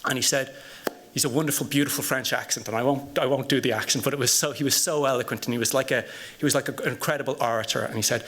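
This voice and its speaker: A man's voice: medium pitch, fairly even intonation, quick pace, a bit bright. A man on a conference panel, telling an anecdote and posing rhetorical questions to the audience. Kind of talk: panel discussion storytelling.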